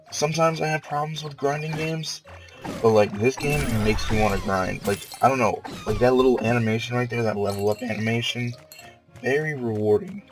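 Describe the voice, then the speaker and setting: A sick man with a lowish voice, recorded roughly, does casual let's-play commentary on a video game. He rambles with plenty of filler words and the occasional swear.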